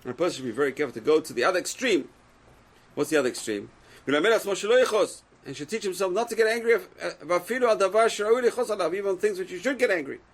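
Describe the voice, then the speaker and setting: Male Torah teacher, rapid delivery, poses rhetorical questions to students. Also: high-pitched. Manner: reads Hebrew texts aloud then translates and explains; asks rhetorical questions to the class. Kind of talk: Torah class.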